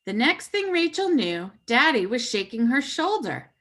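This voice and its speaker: A woman reading a children's story aloud with puppets, expressive and animated. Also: fairly high pitch, normal speed, hardly any pauses.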